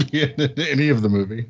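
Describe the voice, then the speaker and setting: A man's voice: medium pitch, moderate pace, muffled recording, a little hiss or hum. A man hosting a podcast, moving the movie chat along and teasing his co-hosts dryly. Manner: moves the talk along, dry teasing. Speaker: podcast host.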